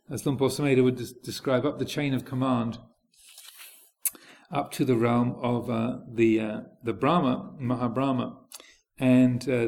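A man's voice: medium pitch, gravelly, a little mellow. A man teaching as a Buddhist monk, giving a dharma talk with a hesitant delivery full of fillers and restarts.

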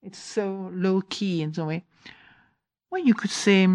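A woman teacher giving an informal dharma talk, telling a lively story, laughing often and mimicking her own inner voice. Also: medium pitch, unhurried. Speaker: meditation teacher.

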